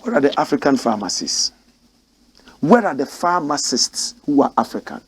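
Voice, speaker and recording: A man's voice: mid-range voice, very animated, moderate pace, breathy edge. A man who hosts a commentary show, reading news reports aloud and breaking into emotional, ranting remarks. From Ghana. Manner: emotional, rants and exclaims between read passages.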